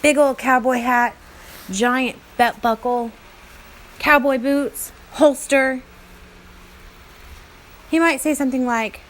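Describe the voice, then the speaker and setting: A woman teacher narrating a lesson in an upbeat, expressive, chatty way. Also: high voice, takes it slowly, long pauses, poor audio.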